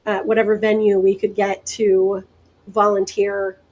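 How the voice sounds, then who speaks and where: A woman from the American Deep South, a guest hypnotist telling stories in a casual interview, chatty and quick to laugh. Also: lo-fi sound. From Deep South, United States. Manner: chatty, laughs often, lively asides.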